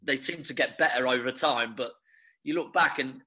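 Husky-voiced former footballer, chatty. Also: male voice, medium pitch, normal speed, bright, forceful tone. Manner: chatty, laughing, restarts phrases. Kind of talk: casual interview chat.

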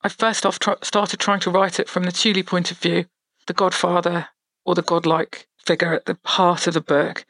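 A man, a novelist, talking through how he wrote his book in a measured, thoughtful way. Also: high-pitched, little pitch movement, sharp tone, dry recording. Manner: thoughtful, measured, pauses mid-phrase. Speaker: novelist guest. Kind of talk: interview about his novel.

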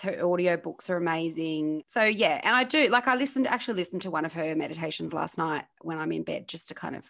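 A woman co-hosts a podcast in easy conversation. Her voice is low and gravelly with plenty of fry, and her manner is relaxed and blunt. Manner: relaxed, frequent murmured agreement, blunt. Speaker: podcast co-host. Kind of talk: casual chat.

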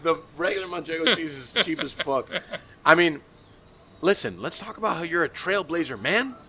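A man's voice: on the high side, animated, moderate pace, pushed and bright, slight background noise. A man hosting a casual podcast, playful and joking, laughing easily. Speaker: podcast host.

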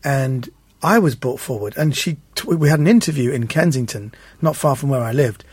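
A man, a comedian guest, telling anecdotes in an animated way in casual chat and acting out the voices he quotes. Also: mid-range voice, moderate pace, slightly rough, no echo.

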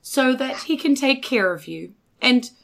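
A woman voicing a concerned town mayor, speaking in an earnest, measured way. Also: sits high, lively intonation, gravelly, a bit bright, heavily acted.

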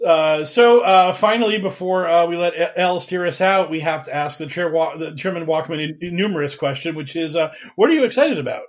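Animated, mocking podcast host, fairly high voice. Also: male voice. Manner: animated, mocking, does quick voices for other people. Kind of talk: casual chat.

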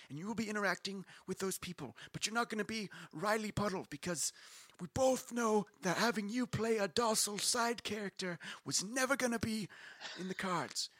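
A man's voice: sits high, fairly bright tone, dry recording. A man acting as game master, playfully narrating in character and often stumbling over words with a laugh.

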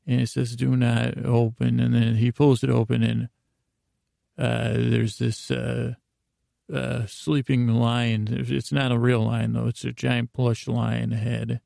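A man hosting a podcast, telling an improvised comic story in a rambling, halting way with many "he goes" asides. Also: medium pitch, vocal fry, darkish tone, dry recording, studio quality. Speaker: podcast host.

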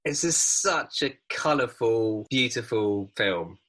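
A man's voice: mid-range voice, expressive, takes it slowly, fairly bright tone, poor audio. A man co-hosting a casual film review podcast, chatty and prone to restarts. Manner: chatty, with frequent restarts and filler. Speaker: podcast co-host.

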